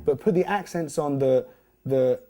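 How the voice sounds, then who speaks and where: A young guitar teacher gives a casual, jokey lesson, counting beats and scatting rhythms aloud in a medium-pitched, unhurried voice. Loud guitar playing sits under his speech.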